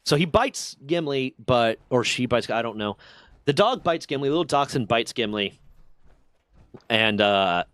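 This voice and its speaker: A male streamer telling stories to his chat with lots of cursing and plenty of animation. His voice sits at an ordinary mid pitch and sounds dry and close to the mic. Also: measured pace, dry recording. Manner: profane, animated storyteller. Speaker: livestream host. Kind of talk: casual storytelling to a stream chat.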